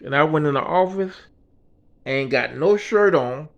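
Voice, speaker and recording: A man's voice: fairly high pitch, unhurried, creaky, dull audio. A man telling a personal story in a casual, slangy and profane way, acting out the voices of the people in it. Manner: animated, slangy and profane, acts out quoted voices.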